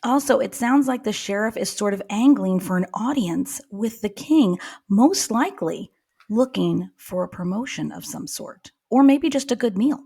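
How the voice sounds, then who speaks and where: A woman's voice: medium pitch, lively intonation, moderate pace, gravelly, mellow, breathy edge. A woman co-hosting a podcast, narrating and chatting in a dry, wry way. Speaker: podcast co-host. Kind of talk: casual comedic chat and narration.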